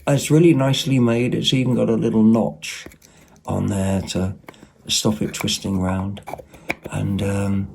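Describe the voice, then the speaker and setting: A man's voice: on the low side, flat delivery, measured pace, vocal fry, a little mellow, a little hiss or hum. A man giving a rambling, casual show-and-tell of second-hand finds at home, with lots of ums and asides. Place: home, at a table.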